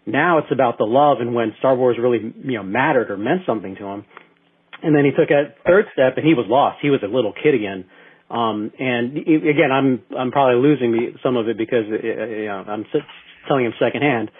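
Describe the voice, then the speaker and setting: A man's voice: mid-range voice, brisk, slightly rough. A man co-hosting a casual talk show, telling a long story with lots of restarts and fillers. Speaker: podcast co-host. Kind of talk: casual chat. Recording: tinny phone-like internet radio sound.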